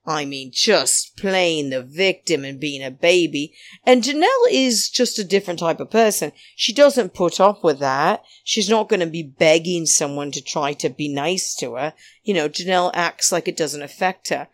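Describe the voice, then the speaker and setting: A woman's voice: animated, moderate pace, dry recording. A middle-aged woman giving a rambling, blunt, opinionated recap of a reality show, full of fillers. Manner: rambling, blunt, many fillers, big pitch swings. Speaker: reality TV commentator.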